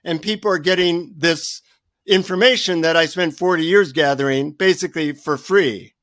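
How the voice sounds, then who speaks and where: An older man, a guest author, telling a self-deprecating story with lively energy in a radio interview. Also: fairly high pitch, moderate pace, no echo, studio quality.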